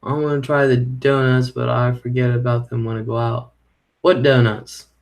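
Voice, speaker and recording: Hosting a laid-back live stream, this middle-aged man reads out viewer comments and chats in a meandering way, cursing when irritated. His voice sits in the mid range, with a flat delivery at a moderate pace.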